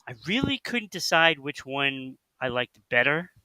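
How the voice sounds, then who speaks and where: A man co-hosting a casual radio chat about music, rambling and animated, with lots of fillers and restarts. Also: medium pitch, a little slow, no echo. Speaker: co-host.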